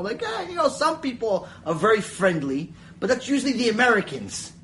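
Male Torah teacher, high voice, very lively swings in pitch, storytelling lecture, acts out voices. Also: a little fast, few pauses, a little hiss or hum, low-quality recording. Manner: animated, acts out the voices in his stories; chatty, drifts into asides.

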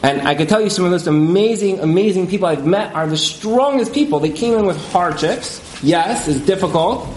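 A man speaking as a marriage counselor in a casual interview, animated, with many fillers, and acting out the couples he quotes. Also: sits high, a little fast, few pauses, echoey room, slight background noise, rough recording.

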